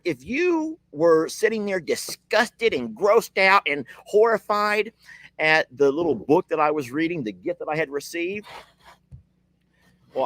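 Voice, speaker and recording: Lively man chatting on a ranch live stream. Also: on the high side, no room sound. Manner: chatty, laughs often, talks to his dogs and commenters. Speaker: ranch vlogger hosting a live video. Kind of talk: casual live-stream chat with viewers. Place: outdoors at a ranch.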